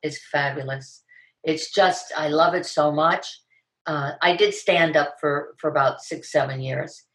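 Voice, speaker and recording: In an echoey room, an older actress chats through a casual interview with a low, unhurried, fairly bright voice and fairly even intonation. She tells stories animatedly, her voice leaping widely as she acts out quoted lines.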